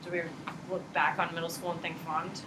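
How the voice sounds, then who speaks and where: A woman teacher giving a casual, animated classroom lecture, blunt and chatty. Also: fairly low pitch, a little fast, noisy background. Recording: echoey classroom from far off.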